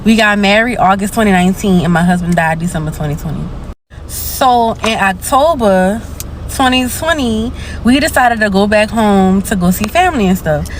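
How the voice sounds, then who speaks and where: A woman's voice: medium pitch, animated, moderate pace, a little hiss or hum. Blunt woman. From New Orleans, USA. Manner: blunt, casual, slangy. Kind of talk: personal storytime monologue.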